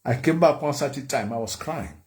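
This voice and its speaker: A man's voice: medium pitch, animated, brisk, darkish tone. A Nigerian man preaching a humorous sermon, joking and laughing often. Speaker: prophet and preacher.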